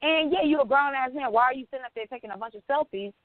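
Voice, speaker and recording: A woman's voice: high-pitched, fast talker, dry recording. A woman co-hosting a podcast, chatting in an opinionated, laughing way. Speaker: podcast co-host. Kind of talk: casual podcast chat. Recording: dry, tinny phone-line sound.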